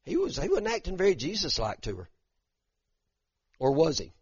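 A man's voice: a little high, huge pitch swings, moderate pace, breathy edge, no echo, muffled recording. A man preaching a sermon in a conversational way, often restarting and repeating words as he talks straight to the congregation. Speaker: pastor.

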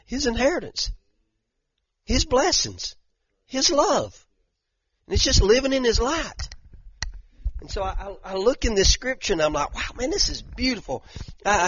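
Folksy preacher man, husky voice. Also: fairly high pitch, dry recording, highs cut off. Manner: folksy, fervent, speaks in repetitions. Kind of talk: sermon.

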